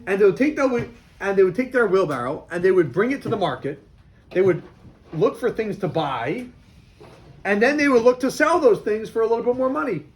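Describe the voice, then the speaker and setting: A rabbi teaches a class of boys in a lively, high-pitched voice that swoops widely. He tells his story animatedly, often restarting and repeating phrases. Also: brisk.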